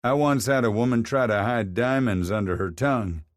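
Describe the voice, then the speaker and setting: A man voicing a calm federal marshal who speaks in a steady, matter-of-fact way. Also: mid-range voice, normal speed, dry recording, clean studio sound, close to an everyday voice. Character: calm, dry-humored male federal marshal.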